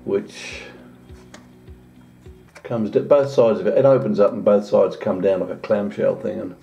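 A man's voice: fairly even intonation, measured pace, vocal fry, dark tone, dull audio, faint music behind. A man talking casually through a home vlog, unboxing a drone and chatting as he goes. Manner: chatty, talks to his dog in a high singsong voice. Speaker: vlogger.

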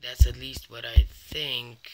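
A man's voice: medium pitch, flat delivery, takes it slowly, faint music behind. Jittery young man whispering in fear. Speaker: gaming channel host. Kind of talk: scared mobile horror let's play.

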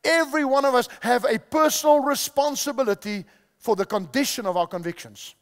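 A man's voice: extremely high pitch, a little fast. A male preacher giving a sermon, repeating key phrases and quizzing the audience, in a large church hall. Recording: long hall reverb.

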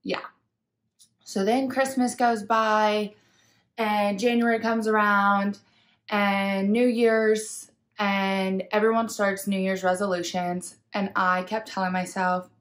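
Speaking slowly at a medium pitch that barely shifts, this young woman has a slightly bright sound. She's a vlogger sharing her personal story with candor and reflection, voicing both her own thoughts and what she told others.

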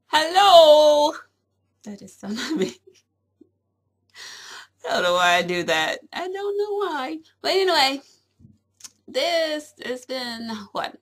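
A woman's voice: sits high, a bit bright. A young woman chatting casually to camera at home. She is giggly and rambling and fills her talk with little asides. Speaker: vlogger.

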